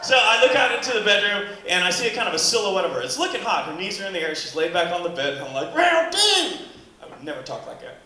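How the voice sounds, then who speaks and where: A man's voice: sits high, racing, hardly any pauses. A man performing a rambling stand-up comedy set, acting out his own exclamations. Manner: animated, rambling storytelling with acted-out exclamations. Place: club stage with audience. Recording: echoey club room with crowd.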